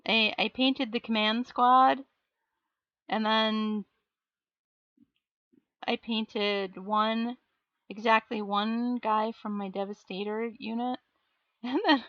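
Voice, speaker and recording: A woman's voice: a little high, fairly even intonation, slow pace, long pauses, dry recording, lo-fi sound. A woman streamer chatting casually on a live stream, laughing often and answering her viewers. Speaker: live streamer and miniature painter.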